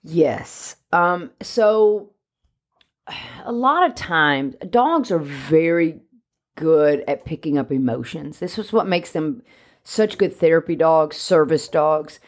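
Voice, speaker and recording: A woman who trains dogs, talking casually on a podcast and explaining her ideas through steady, talkative examples. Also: sits low, slow. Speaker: dog trainer.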